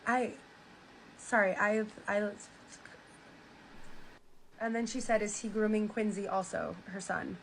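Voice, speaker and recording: A woman streamer reacting live, reading a story aloud with stunned, animated asides. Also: medium pitch, slow, long pauses, slight background noise, poor audio.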